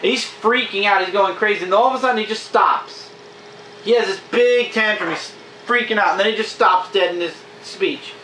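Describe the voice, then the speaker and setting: A man chatting casually as a comic book reviewer, enthusiastic and acting out characters' lines in quick quotes. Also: sits high, bright, forceful tone, distant mic. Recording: echoey room, faint hiss.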